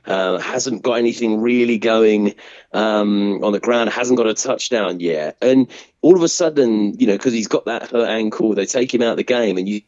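A man co-hosting a sports podcast, breaking down plays and stats in a measured, steady way. His voice sits on the low side, and the recording sounds dull and lo-fi. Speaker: podcast co-host. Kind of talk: casual sports chat.

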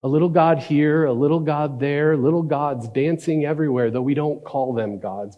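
A man preaching a sermon, telling a story with dramatic shifts between loud and hushed delivery. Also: medium pitch, normal speed. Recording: reverberant hall.

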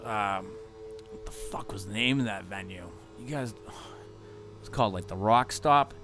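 A touring musician rambling through a casual tour recap, loose and profane with constant fillers. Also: male voice, fairly low pitch, unhurried, over music.

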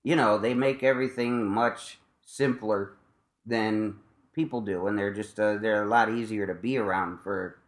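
A man's voice: fairly low pitch, fairly even intonation, normal speed. A man hosting a casual chat, rambling and joking at his own expense, with lots of fillers and laughs. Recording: echoey room.

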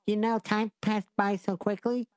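A woman's voice: mid-range voice, flat delivery, unhurried, a little mellow, no echo. A woman chatting with a storyteller, asking questions and interrupting playfully.

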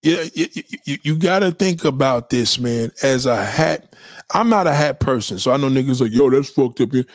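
A man hosting a livestream, reading chat and ranting in a blunt, mocking, animated way. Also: medium pitch, normal speed, no echo, clean studio sound. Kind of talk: casual profane rant.

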